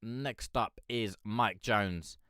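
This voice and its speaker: A young man hosting a live music review stream, chatting in a rambling, excitable way. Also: on the low side, extremely slow, clean tone, no room sound, clean studio sound. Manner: rambling, excitable, peppered with "mate". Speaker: music review show host. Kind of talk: casual live-stream commentary.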